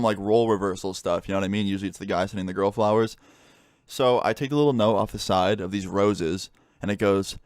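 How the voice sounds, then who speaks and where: Young guy with a low voice telling a storytime, cussing and saying "like" all the time, dry sound. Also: no room sound. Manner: swears freely, full of "like" fillers. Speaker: YouTube storyteller. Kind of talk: casual storytime narration.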